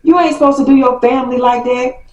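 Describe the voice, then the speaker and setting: Storytime bit: exasperated, preachy aunt on the phone, played by a woman in a raised, higher register; echoey room, distant mic. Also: fairly even intonation, fast, highs cut off, close to an everyday voice. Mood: scolding. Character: scolding middle-aged aunt on the phone. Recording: roomy echo, voice far from mic.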